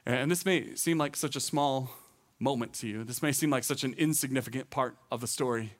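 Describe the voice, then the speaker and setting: A man's voice: mid-range voice, a little fast. A man, a teaching pastor, preaching a sermon in an earnest, conversational way, repeating phrases for emphasis.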